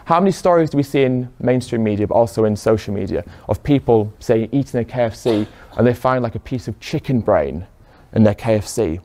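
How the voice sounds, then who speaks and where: A man gives a persuasive public talk straight to a room of listeners, firing rhetorical questions at them. His mid-range voice is expressive, a little fast and dark in tone.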